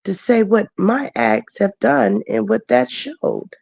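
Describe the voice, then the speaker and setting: A woman's voice: fairly high pitch, takes it slowly, creaky, a little mellow, no echo, highs cut off. A woman hosting a late-night livestream chat, emotional and laughing as she answers her viewers by name. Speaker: livestream host.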